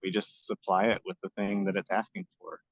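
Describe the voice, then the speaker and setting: A man with a fairly low voice talks earnestly, explaining each thought gently and at length. He sounds like a podcast co-host in easy conversation. The recording is dry and close. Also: level tone, fairly quick, vocal fry, no room sound, poor audio. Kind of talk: reflective casual conversation.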